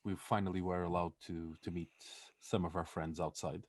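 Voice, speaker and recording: A man's voice: sits low, level tone, normal speed, a little mellow, no echo. A young man co-hosting a podcast, telling a story in a casual, comedic way, swearing a lot, laughing often and acting out the lines of the people in it. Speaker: podcast co-host.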